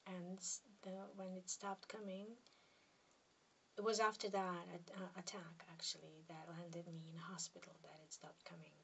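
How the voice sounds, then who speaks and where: Serbian accent lady healer rambling to camera, stops and restarts a lot, goes half whisper, mic kinda far off. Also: mid-range voice. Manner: hesitant, halting, drifts into soft near-whispers. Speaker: spiritual healer. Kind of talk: casual monologue to camera.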